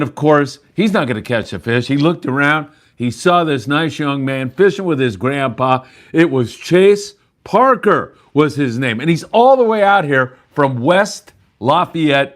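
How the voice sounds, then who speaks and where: A man's voice: on the high side, a bit bright. A man hosting a live sportfishing update from a landing, chatty and upbeat, with plenty of fillers as he rambles along. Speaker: fishing show host. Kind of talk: live fishing report.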